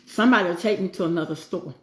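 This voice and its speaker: A woman's voice: lowish voice, racing, reverberant. A middle-aged woman, chatting casually while she eats, with folksy, preachy asides. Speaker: home cooking vlogger. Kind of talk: casual chat while eating.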